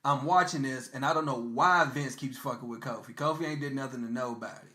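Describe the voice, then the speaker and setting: Bright-voiced man ranting on a podcast. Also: mid-range voice, a little fast. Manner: animated, profane, rants in bursts. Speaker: podcast co-host. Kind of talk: casual chat. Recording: echoey room.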